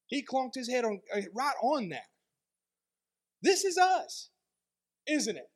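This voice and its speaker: Guy pastor w a pretty high voice, chatty sermon storytelling style. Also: takes it slowly. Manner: conversational storytelling with lively dynamic swings.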